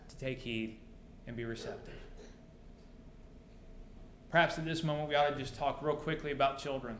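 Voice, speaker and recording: A man's voice: mid-range voice, fairly even intonation, normal speed, long pauses, a bit bright, slight background noise. Pastor man with dry humor, roomy church. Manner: rhetorical questions, dry humor. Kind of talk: sermon. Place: church sanctuary.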